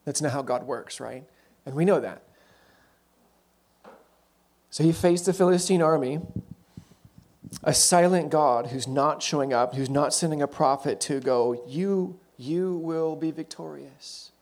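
Guy preaching a sermon, kinda higher voice, chatty storytelling, lots of little asides. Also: measured pace, darkish tone. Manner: conversational storytelling with asides and self-corrections.

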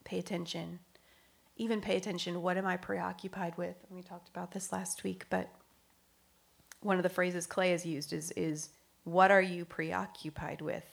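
Gravelly-voiced woman in reflective faith talk. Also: fairly low pitch, level tone, normal speed. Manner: earnest, laughs often, drops to a near whisper; thinks aloud with fillers and restarts.

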